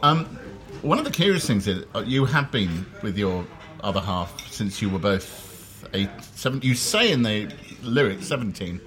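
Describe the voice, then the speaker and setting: A man's voice: fairly low pitch, animated, moderate pace, a bit bright. A man hosting a casual chat over a restaurant meal, telling wry, self-deprecating stories. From London. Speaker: host. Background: cutlery and dishes clattering.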